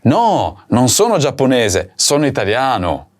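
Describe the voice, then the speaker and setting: A man teaching a recorded language lesson, saying each word slowly and repeating it for learners to practise. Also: medium pitch, huge pitch swings.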